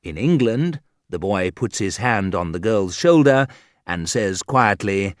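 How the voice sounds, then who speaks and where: A man reading a humorous book aloud in a dry, wry manner, with sudden lifts in pitch. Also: lively intonation, measured pace, no echo. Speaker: audiobook narrator. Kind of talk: scripted humorous narration.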